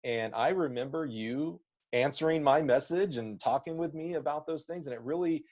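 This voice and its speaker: A man's voice: a little high, moderate pace, darkish tone, lo-fi sound. A man hosting a podcast interview, talking enthusiastically and conversationally. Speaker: podcast host.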